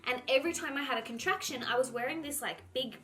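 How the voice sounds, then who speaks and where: A young woman with a lilt, her voice sitting a touch higher than most, chats to her viewers in an easy storytelling vlog. She scatters "like" through every sentence and slips into quoting herself as she goes. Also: fast talker, fairly bright tone. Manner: chatty, heavy use of "like", acts out her own past lines. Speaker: vlogger. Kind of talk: casual storytelling to camera.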